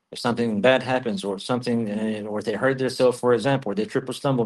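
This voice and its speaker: A man giving a religious lesson, explaining in a measured way and repeating key phrases for emphasis. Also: medium pitch. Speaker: religious teacher.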